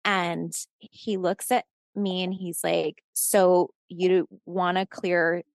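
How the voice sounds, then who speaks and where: This is a woman with a fairly low voice and a gravelly, crackling edge. She tells her story casually and acts out the dialogue. The sound is dry and close, with no room around it. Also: takes it slowly, no echo. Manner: animated storyteller who acts out quoted dialogue; swears and laughs often. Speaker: podcast guest.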